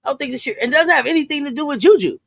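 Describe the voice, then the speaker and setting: Animated high-voiced man, dry close sound. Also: racing, gravelly, dry recording. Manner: animated, stammering restarts, repeats short phrases. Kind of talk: casual sports debate.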